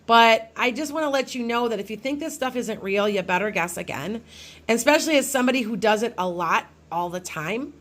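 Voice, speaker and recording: A woman's voice: fairly high pitch, animated, brisk, fairly bright tone. A middle-aged woman, a psychic medium, telling a personal ghost story to her followers in a casual, rambling way with many restarts.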